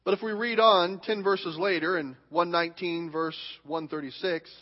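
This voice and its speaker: A male pastor preaching a sermon in a church, animated and acting out the voices of the people he quotes. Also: high voice, moderate pace. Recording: muffled hall with long reverb.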